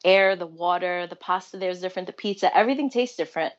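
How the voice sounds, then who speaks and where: A woman's voice: fairly low pitch, quick pace, muffled recording. A woman in a casual interview, chatty and bubbly, laughing often and using lots of fillers. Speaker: guest artist.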